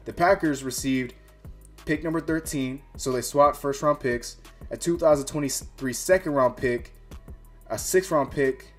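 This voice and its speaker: A man's voice: medium pitch, measured pace, faint music behind. A man hosting a sports fan vlog, talking in a fired-up, trash-talking, conversational way. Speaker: sports fan channel host.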